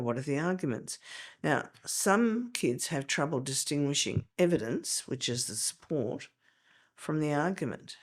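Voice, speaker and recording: An older woman, a veteran teacher explaining in a podcast interview, emphatic and step by step. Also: low-pitched.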